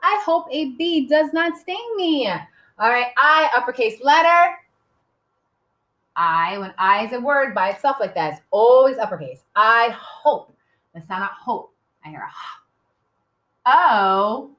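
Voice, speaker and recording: A woman teaching a writing lesson to young children, sounding out letters slowly and cheerfully. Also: high voice, very animated, fairly bright tone, reverberant.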